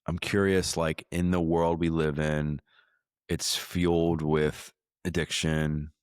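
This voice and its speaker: A man's voice: very deep voice, flat delivery, slow pace, clear, resonant tone, no echo, clean studio sound. A man hosting a podcast, asking questions in a searching way, with many fillers. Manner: searching, filler-heavy phrasing. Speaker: podcast host. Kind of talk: interview questions.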